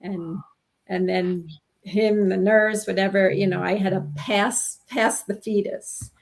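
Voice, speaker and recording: A woman in her sixties from New York, telling a personal story in an interview, earnest and halting with frequent restarts. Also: medium pitch, fairly even intonation, vocal fry. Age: 60s. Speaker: guest telling her experience.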